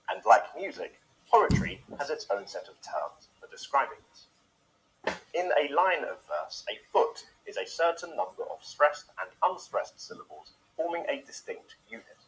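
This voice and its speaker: A man giving scripted narration for an educational video, with a measured, explanatory delivery. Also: mid-range voice, fairly bright tone, poor audio.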